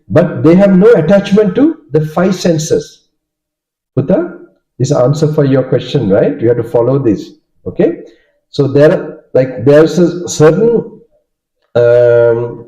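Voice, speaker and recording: Sri Lankan monk teaching, very dark voice. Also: male voice, fairly high pitch. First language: Sinhala. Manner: checks understanding with frequent "okay?" and "right?". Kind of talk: dharma talk with questions to listeners. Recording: dull lo-fi recording.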